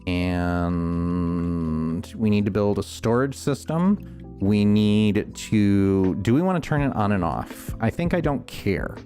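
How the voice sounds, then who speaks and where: A man's voice: sits low, darkish tone. A man with a Northeastern US accent chatting casually while playing a game, talking in a rambling, thoughtful way with lots of restarts. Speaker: streamer. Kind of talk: casual gameplay chat.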